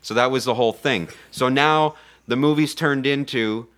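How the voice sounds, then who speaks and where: A man's voice: mid-range voice, normal speed. A man co-hosting a podcast, casually and profanely recapping a film and acting out characters as he goes. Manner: animated, profane, acts out characters. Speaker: podcast co-host. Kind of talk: casual comedic movie recap.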